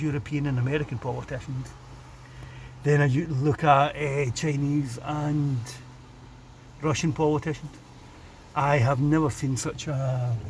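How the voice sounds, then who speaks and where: Outdoors near a city road, a man with a Glasgow accent vlogs a sardonic, casual rant about the street he's filming. His voice is fairly high with a darkish tone, and slight background noise is audible.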